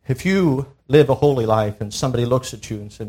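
A man's voice: mid-range voice, animated, fairly quick, a little mellow, slightly rough. A man preaching a sermon to a church congregation, emphatic, pressing his listeners with rhetorical questions. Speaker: pastor. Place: church service.

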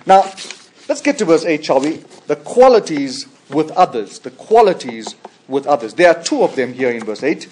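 Male pastor, somewhat high-pitched, preaching emphatically; swings between loud high peaks and quiet trailing ends. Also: big pitch swings, moderate pace, slight background noise. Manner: frequent restarts and repeated words. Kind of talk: expository sermon.

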